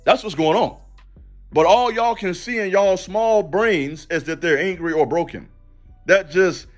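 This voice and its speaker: Slightly high-voiced male commentator, fiery and blunt, slangy preacher cadence, faint music underneath. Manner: emphatic, preachy, slangy and direct. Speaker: YouTube commentator and counselor. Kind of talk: passionate commentary monologue.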